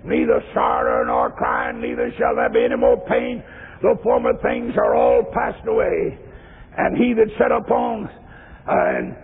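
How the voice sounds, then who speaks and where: A man preaching a sermon, rising into shouted, sung chanting with cries of praise. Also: sits high, vocal fry, breathy edge. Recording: tinny lo-fi recording in echoing hall.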